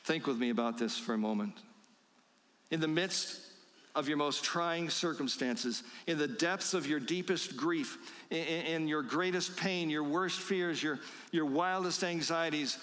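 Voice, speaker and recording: A male pastor preaching a sermon, quoting scripture slowly and with heavy emphasis. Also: on the high side, a bit bright, long reverb tail. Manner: emphatic preaching with slow, stressed scripture quotes. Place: church sanctuary.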